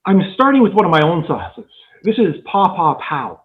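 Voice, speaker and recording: Canadian man with a high voice. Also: sing-song, normal speed, phone-quality sound. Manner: joking, blunt. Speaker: hot sauce maker. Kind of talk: casual chat.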